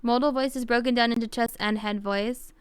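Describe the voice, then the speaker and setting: A woman's voice: a little high, steady tone, brisk, clear, resonant tone, no room sound. A woman streamer chatting casually on a livestream, thinking aloud and rambling with lots of fillers.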